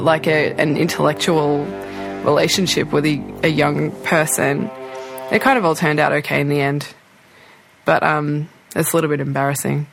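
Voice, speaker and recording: A woman's voice: sits low, gravelly. A young adult woman telling a personal childhood story, chatty and self-deprecating, with plenty of fillers. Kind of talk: personal anecdote.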